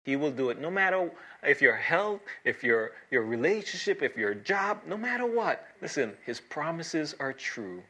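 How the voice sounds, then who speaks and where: Bright-voiced pastor preaching earnestly. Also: male voice, a little high, big pitch swings. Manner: earnest, emphatic preaching with dramatic pauses. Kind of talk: sermon.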